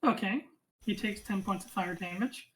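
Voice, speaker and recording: A woman running a tabletop game as game master, narrating the action and reading out rules in a casual, quick way. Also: mid-range voice, fairly bright tone, slight background noise, rough recording.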